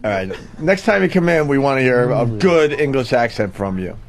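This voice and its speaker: A man's voice: mid-range voice, lively intonation, normal speed, a crowd in the background. A man co-hosting a radio talk show, playfully teasing guests and callers. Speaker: radio host. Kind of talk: casual radio banter.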